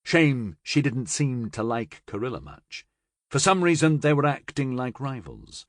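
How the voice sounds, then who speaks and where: Animated male audiobook narrator. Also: mid-range voice, unhurried, no echo, clean studio sound. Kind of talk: scripted narration.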